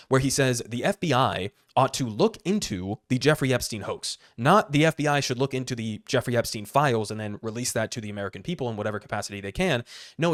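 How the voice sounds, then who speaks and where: A man hosting political commentary, with a middle-range voice and a sarcastic, incredulous edge. He sounds close to the mic in a dry space with no echo. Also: medium pitch.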